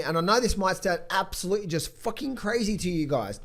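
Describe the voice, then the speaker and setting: A hoarse man in his thirties or forties, a trading coach giving blunt, emphatic motivational talk and market commentary in a vlog. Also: sits high, lively intonation, brisk, few pauses. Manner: emphatic, blunt, swears freely.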